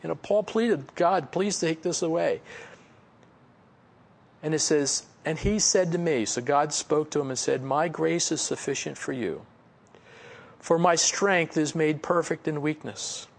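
A man's voice: a little high, unhurried, vocal fry. A male pastor preaching a sermon in a conversational way, with many "you know" fillers.

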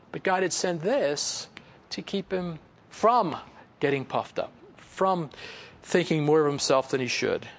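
A male preacher delivers a sermon in a relaxed, conversational tone, often dropping in "you know." His voice sits a little high and has a gravelly edge. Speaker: pastor.

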